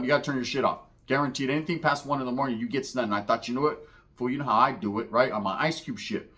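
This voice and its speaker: A man telling a profane street story, acting out the voices of the people in it. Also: fairly high pitch. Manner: profane, animated, acts out other voices.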